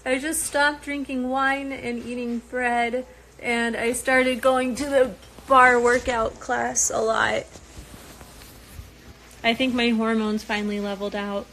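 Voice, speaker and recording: Slow, chatty young woman. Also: fairly high pitch, flat delivery, a bit bright, slight background noise, poor audio. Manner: chatty, loose, with frequent ums and laughs. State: tired. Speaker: reality show cast member talking to viewers. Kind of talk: casual chat with viewers.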